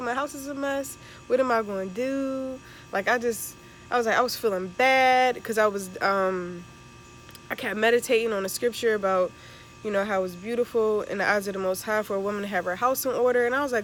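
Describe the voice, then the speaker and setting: A woman's voice: mid-range voice, a little hiss or hum. A young woman chatting casually to her viewers in a faith-based vlog, rambling and calling them y'all. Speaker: religious vlogger.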